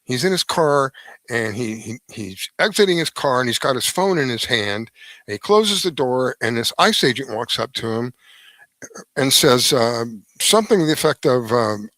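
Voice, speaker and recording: A man's voice: medium pitch, expressive, moderate pace, a bit bright, no echo, low-quality recording. A middle-aged man hosting a radio show, giving a rambling opinion monologue with restarts and heavy emphasis.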